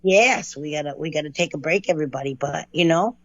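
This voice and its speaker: A woman's voice: low voice, a little fast, no room sound. Woman host chatting w guest, cheery and encouraging, dry muffled audio. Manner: upbeat, encouraging, complimentary. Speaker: show host. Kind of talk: casual interview chat.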